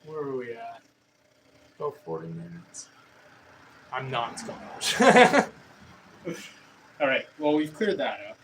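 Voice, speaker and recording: Throwing pots on a running wheel in his studio, this male livestreamer chats with his live audience in a rambling, halting way, with plenty of fillers and false starts. His medium-pitched voice swoops wildly and sounds fairly bright, and he speaks a little slowly with frequent pauses. The mic sits at a distance, catching faint room noise.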